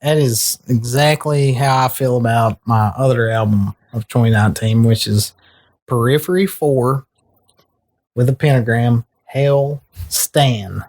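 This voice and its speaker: A young man sits in on a loose podcast chat, dropping curse words as he tells a rambling story. He slips into quick little voices for the people in it. His pitch stays in an ordinary middle range. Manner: profane, storytelling, animated quoting. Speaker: podcast co-host. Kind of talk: casual chat.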